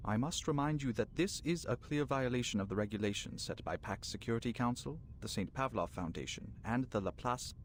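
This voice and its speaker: A man's voice: medium pitch, expressive, brisk, hardly any pauses, a little hiss or hum, lightly acted. A man voicing a stern male foundation official, speaking formally and with reproach.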